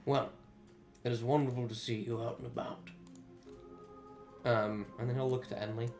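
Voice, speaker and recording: A man narrating as game master of a tabletop game, speaking in a measured way with frequent fillers. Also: mid-range voice, little pitch movement, roomy sound, over music.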